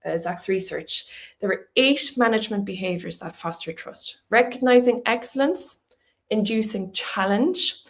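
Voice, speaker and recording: A woman's voice: medium pitch, expressive, normal speed. A woman giving a conversational presentation talk, with fillers and light laughs. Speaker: speaker.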